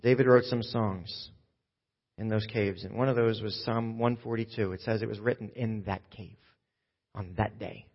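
A man, a pastor, preaching a sermon, dropping to a hush and then rising loud and urgent. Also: fairly low pitch, fairly even intonation, moderate pace, highs cut off. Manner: swings from hushed to loud and urgent.

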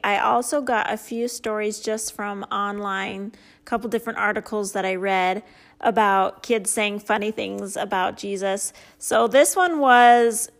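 A woman hosting a casual chat and reading out funny stories, often breaking into laughter at them. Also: mid-range voice. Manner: giggly, often laughs at what she reads. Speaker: host; parent.

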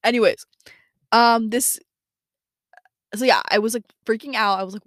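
A young woman, a podcast host, talks briskly in a fairly high voice, recorded cleanly in the studio with no echo. It's a personal audio journal: rambling, self-directed, and heavy on "like" and "um."

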